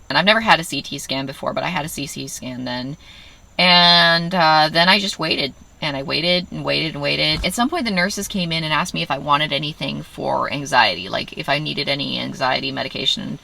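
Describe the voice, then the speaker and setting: A woman with a low-pitched yet bright, forward voice tells a personal story in a casual vlog. She talks in an animated, self-mocking way and keeps quoting her own inner voice. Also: moderate pace, gravelly, poor audio. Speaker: vlogger.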